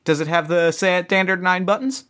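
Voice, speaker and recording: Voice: medium pitch, moderate pace, fairly bright tone. A player in an escape-room game who thinks aloud, restarts sentences and jokes at their own expense. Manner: restless restarts, self-mocking.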